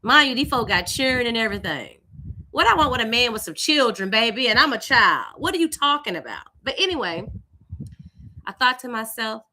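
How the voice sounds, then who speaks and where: A young woman from Louisiana with a Southern accent, hosting a live stream and telling a personal story in an animated, conversational way. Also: fairly high pitch, moderate pace. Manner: animated, conversational, with lively voiced greetings. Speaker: host.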